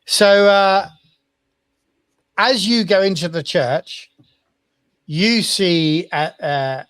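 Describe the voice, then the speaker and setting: Man, game master, fairly high voice, relaxed, rambling, dry close sound. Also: drawn-out words, smooth, dry recording. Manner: relaxed, rambling with many fillers. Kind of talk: running a tabletop game.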